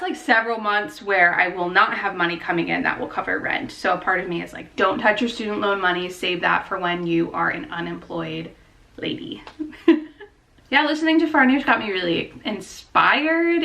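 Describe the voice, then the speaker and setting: A woman's voice: medium pitch, gravelly, sharp tone, low-quality recording. A young woman in her twenties, a law student vlogging in a chatty, rambling, upbeat way as she goes about her day. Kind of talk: casual vlog chat. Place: out and about, car and campus.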